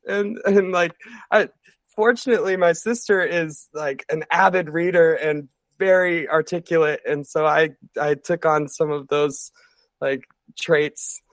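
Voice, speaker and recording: A man in his thirties telling stories as a podcast guest in a casual, rambling way, full of fillers and lively impressions of other people. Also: fairly high pitch, unhurried, no room sound. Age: 30s. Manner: rambling, filler-heavy, animated quoting of others. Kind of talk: casual storytelling interview. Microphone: podcast studio mic.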